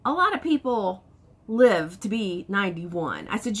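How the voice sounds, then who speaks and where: A woman in her fifties chatting to camera in a casual vlog, telling stories with excitement. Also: medium pitch, measured pace, breathy edge. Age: 50s. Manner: excitable, animated storytelling with laughs. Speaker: vlogger.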